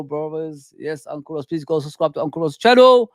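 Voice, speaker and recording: A man hosting a football fan live stream, chatting casually with his viewers and reading out their comments, slangy and repetitive, with frequent shout-outs. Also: a little high, animated, a little fast, few pauses, no room sound, clean studio sound. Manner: repeats phrases and restarts often. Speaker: football fan channel host.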